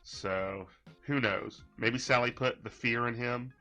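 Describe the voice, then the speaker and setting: A man's voice: medium pitch, fairly even intonation, takes it slowly, sharp tone, faint music behind. A man giving casual, rambling reaction commentary, mocking the person in the clip. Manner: rambling, mocking, laughs at his subject.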